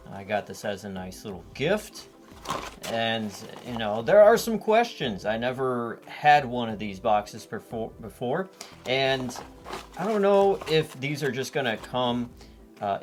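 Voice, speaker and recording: A man giving casual, dry and sarcastic unboxing commentary on his vlog. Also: medium pitch. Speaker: vlogger. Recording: loud music behind.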